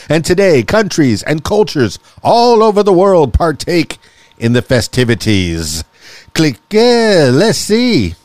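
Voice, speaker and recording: A man's voice: mid-range voice, dry recording. A man hosting a casual solo podcast, upbeat and chatty, laughing often. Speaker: podcast host. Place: small radio studio.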